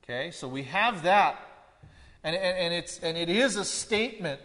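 A man preaching a verse-by-verse sermon, deliberate and repeating key phrases for emphasis. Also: high-pitched, animated, a bit bright, long reverb tail. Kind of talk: expository sermon.

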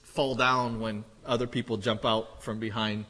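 A male pastor preaching a sermon, moving from quiet reflection to loud, animated storytelling. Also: fairly low pitch, measured pace. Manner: builds from quiet musing to loud excited storytelling. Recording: echoey hall reverb.

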